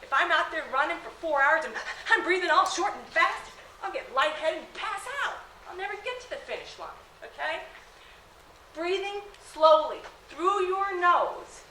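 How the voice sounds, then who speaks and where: A woman working as a high school athletic trainer, talking casually to students, often asking "okay?" and laughing. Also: lively intonation, brisk, few pauses, bright, forceful tone, slight background noise. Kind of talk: classroom talk to students. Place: school room. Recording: echoey room.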